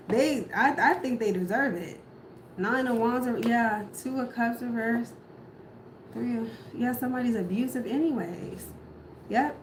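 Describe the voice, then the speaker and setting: Blunt musing woman reading tarot. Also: on the high side. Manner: musing, blunt, swears casually. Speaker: tarot reader. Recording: echoey room with audible background noise.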